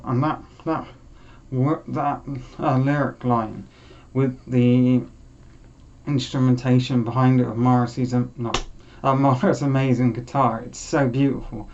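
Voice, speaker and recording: A young man hosting a music vlog, talking in a heartfelt, halting way with frequent restarts. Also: medium pitch, level tone, darkish tone. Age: young adult. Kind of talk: casual chat. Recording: muffled lo-fi sound.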